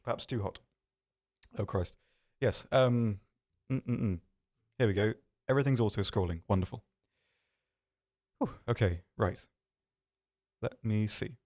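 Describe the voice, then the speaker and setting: A man hosting a game livestream from an office, answering viewer questions in a rambling, self-deprecating way with many pauses and restarts. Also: fairly low pitch, a little mellow. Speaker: stream host. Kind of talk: casual livestream chat reading viewer questions.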